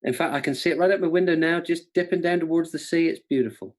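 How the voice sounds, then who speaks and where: Chatty high-voiced male quiz host. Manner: chatty, jokey, reads questions slowly twice. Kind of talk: casual online quiz hosting. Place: home room by a window.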